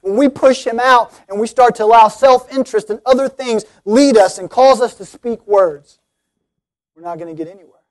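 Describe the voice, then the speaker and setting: A man's voice: extremely high pitch, moderate pace. A man preaching an earnest sermon, speaking directly to his listeners and rising to emphatic appeals.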